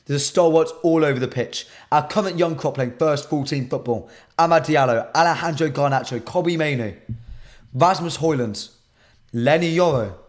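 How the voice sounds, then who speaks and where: A man presenting a live football stream, his voice shot and hoarse, talking casually to his chat and repeating himself. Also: a little high, moderate pace.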